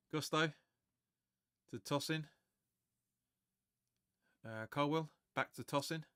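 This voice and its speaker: A man hosting a live fan watch-along of a football match, chatting excitably, swearing, and reading viewer comments aloud. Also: a little high, drawn-out words, long pauses, clean tone, no echo, clean studio sound.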